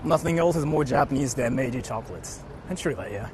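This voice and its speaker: A man's voice: medium pitch, lively intonation, fast, darkish tone, a little hiss or hum. A young man live-streaming outdoors on a city street, reading chat aloud and rambling with lots of "like". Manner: rambling, heavy use of "like". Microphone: portable streaming mic.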